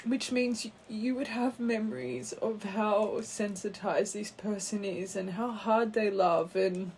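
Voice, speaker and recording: A woman giving a tarot card reading to her viewers, speaking gently and heartfelt and calling her listeners her angels. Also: medium pitch, steady tone, measured pace, a little hiss or hum. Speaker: tarot reader.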